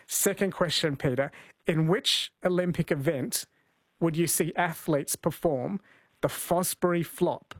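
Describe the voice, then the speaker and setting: A man hosting a radio show, chatting casually with a caller, laughing easily and reading quiz questions slowly. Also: fairly high pitch, no echo. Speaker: radio host running a quiz.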